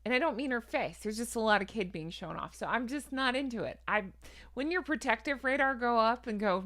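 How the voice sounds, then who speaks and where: A woman's voice: a little high, expressive, moderate pace, bright, forceful tone. A woman hosting an opinionated celebrity commentary, sarcastic and incredulous, hedging her claims with asides. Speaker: commentary host.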